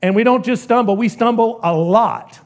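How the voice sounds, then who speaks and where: A man preaching a sermon in church, earnest and emphatic, his voice rising and falling sharply in loudness. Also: high-pitched, moderate pace. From American South. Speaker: pastor.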